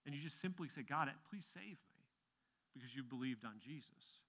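A man's voice: mid-range voice, animated, normal speed, a bit bright. A middle-aged male pastor delivering a sermon, swelling with emphasis on key phrases and sometimes restarting words.

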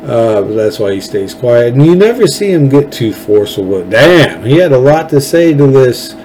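A man's voice: mid-range voice, very animated, moderate pace, a little mellow, slight background noise, poor audio. A man hosting a political podcast, rambling and sarcastic, with many fillers and restarts.

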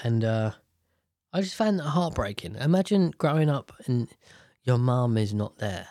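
A man's voice: medium pitch, expressive, moderate pace, dark tone, dry recording, studio quality. A man hosting a podcast, giving blunt, outspoken casual commentary and swearing freely. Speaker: podcast host.

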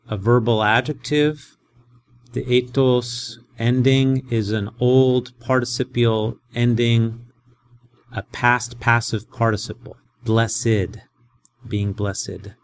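A man teaching a Greek lesson as a professor, explaining in a conversational, animated way. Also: medium pitch, measured pace.

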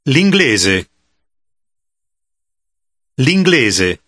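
A man modeling pronunciation for a language course, speaking very slowly and carefully, syllable by syllable. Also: mid-range voice, very animated, bright, forceful tone, no echo. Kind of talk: slow pronunciation drills.

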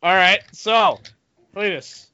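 A man's voice: sits high, slow, bright, forceful tone, clear, resonant tone, no echo. A man co-hosting a casual podcast with goofy, playfully naive jokes. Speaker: co-host. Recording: dry, dull lo-fi sound.

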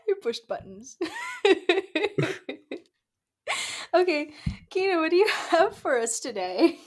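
A woman co-hosting a casual podcast, bubbly and quick to laugh. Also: extremely high pitch, sing-song. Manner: bubbly, laughs often, drawn-out words. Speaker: podcast co-host.

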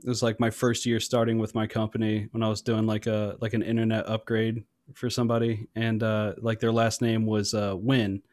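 A man's voice: on the low side, monotone, normal speed, few pauses, a little mellow, no echo, studio quality. A young adult man telling profane stories in casual chat, trailing off and laughing often. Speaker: army veteran.

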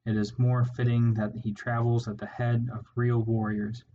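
A cruel, arrogant rat warlord sneers and rants with menace in a storybook tale, as a male reader puts him on. His voice is fairly flat in tune, on a slightly dull recording with a faint hiss. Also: medium pitch, normal speed, close to an everyday voice. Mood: threatening.

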